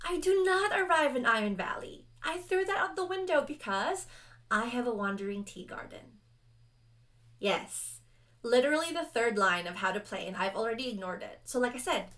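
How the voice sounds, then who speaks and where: A young adult woman chatting casually and rambling through rules as she sets up a solo tabletop roleplaying game, animated and self-deprecating. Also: a little high. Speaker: solo roleplayer and video host. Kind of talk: casual actual-play chat.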